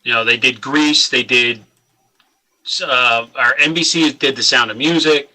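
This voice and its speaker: Bright-voiced man, hesitant podcast talk. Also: mid-range voice, measured pace, rough recording. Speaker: podcast co-host. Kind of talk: casual podcast chat.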